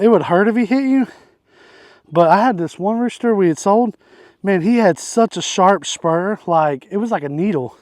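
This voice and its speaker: A man's voice: high-pitched, darkish tone, dry recording, clean studio sound. A young man making a casual farm vlog outdoors, joking as he talks to his chickens. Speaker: homesteader vlogger.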